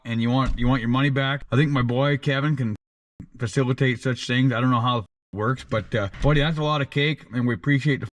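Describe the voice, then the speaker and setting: A man's voice: medium pitch, fairly even intonation, quick pace. A man hosting his own channel, reading out supporters' names in a casual, crude, joking way, full of slang. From Canada. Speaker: channel host. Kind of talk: casual patron shout-outs.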